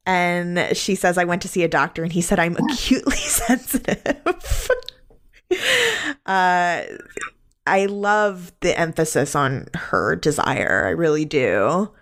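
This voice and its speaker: Slow-talking, low-voiced woman podcast host. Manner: laughs often while recapping, relaxed drawn-out phrasing. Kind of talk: casual film discussion.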